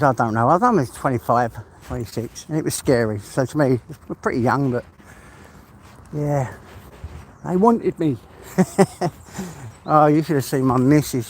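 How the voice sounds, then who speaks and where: A man's voice: medium pitch, fairly bright tone, slight background noise. A man chatting casually on a live stream while out walking, swearing freely and laughing often. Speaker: livestream host. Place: outdoors on a walk.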